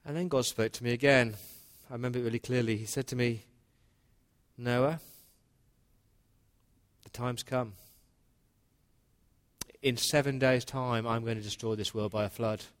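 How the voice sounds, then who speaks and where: A pastor preaches as Noah, the humble and earnest older man, recounting the flood story in his own words with earnest, conversational feeling. The man's mid-range, everyday voice stays steady and unhurried, broken by long pauses.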